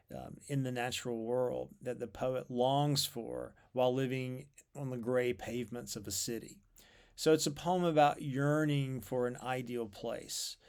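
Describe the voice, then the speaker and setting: A man's voice: mid-range voice, vocal fry, a little mellow. Thoughtful man explaining poetry. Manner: thoughtful, measured, with fillers and repeated words. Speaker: literature lecturer.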